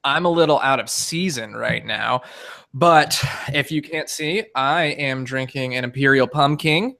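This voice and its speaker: A man chats casually as a podcast host, his voice bright and ringing. He rambles through anecdotes with plenty of fillers and restarts. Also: mid-range voice, unhurried, gravelly. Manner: chatty, rambling storyteller with frequent fillers. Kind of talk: casual chat. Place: home recording setup, drinking beer on air.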